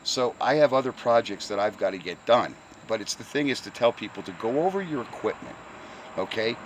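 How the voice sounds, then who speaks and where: Gruff older man with a slight Pennsylvania Dutch accent. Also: on the low side, expressive, brisk, a little hiss or hum. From Pocono Mountains, Pennsylvania. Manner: gruff, blunt, profane, repeats words. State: worn out from heat. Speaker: retired truck restorer. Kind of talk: rambling casual workshop vlog. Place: home workshop.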